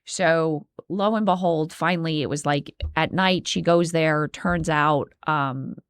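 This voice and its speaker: Low-voiced woman co-host, earnest. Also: clean tone, dry recording, studio quality. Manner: earnest, halting, with restarts and fillers. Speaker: podcast co-host. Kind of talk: casual chat.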